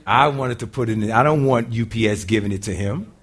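An older man preaching a sermon in a church, telling a folksy story with animated delivery and frequent laughter. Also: lowish voice, fairly quick, slightly rough, faint music behind.

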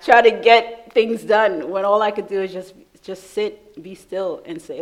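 A woman from New York telling a lively personal testimony in church, laughing often as she speaks. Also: mid-range voice, a little slow, hardly any pauses, low-quality recording. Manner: animated storytelling, laughing often. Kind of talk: sermon testimony.

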